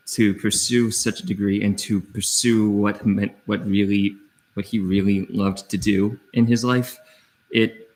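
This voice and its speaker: A young man speaking as a student senator in debate, earnest and halting with restarts. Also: on the low side, rough recording. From part Filipino. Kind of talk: speech in debate.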